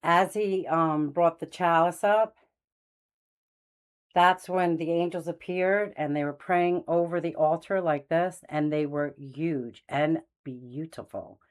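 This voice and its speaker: Low-voiced woman telling a faith story. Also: slow. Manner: earnest, rambling, frequent fillers and restarts. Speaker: channel host telling faith stories. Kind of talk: casual testimony monologue.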